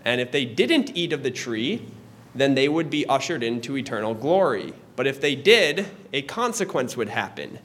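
A young man teaching a church class in a conversational way, pausing and correcting himself as he goes. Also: mid-range voice, big pitch swings, fairly bright tone. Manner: conversational, with pauses and restarts. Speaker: Sunday school teacher.

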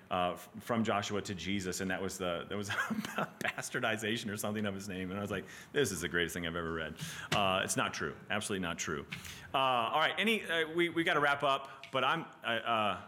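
A man teaching a Bible study class in a casual, animated way, often asking "right?" and restarting his sentences. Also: on the low side, brisk, slight background noise.

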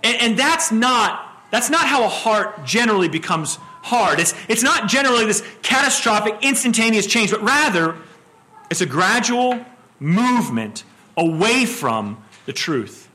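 A middle-aged man preaching a verse-by-verse sermon, his voice pitched high and bright. He stumbles over the first word of a phrase and keeps asking the listeners questions. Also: big pitch swings, a little slow. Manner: repeats words when starting a phrase, asks the room questions. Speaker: pastor. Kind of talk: expository sermon.

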